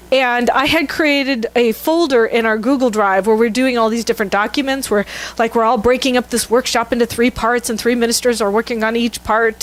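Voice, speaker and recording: A middle-aged woman minister giving a sermon, telling a candid, self-mocking story with laughter to her congregation. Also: fairly high pitch. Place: church sanctuary.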